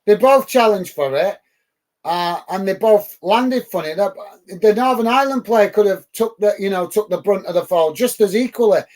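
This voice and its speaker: A man's voice: high-pitched, moderate pace, a little mellow. A man from the UK hosting a live football watch-along, calling the match and chatting casually with viewers, with frequent ums and uhs.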